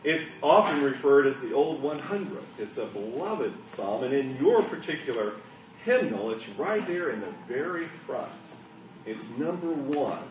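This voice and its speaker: A man preaching a sermon, swinging between hushed asides and loud, emphatic lines. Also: on the high side, a little hiss or hum. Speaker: pastor. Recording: echoey room, mic at a distance.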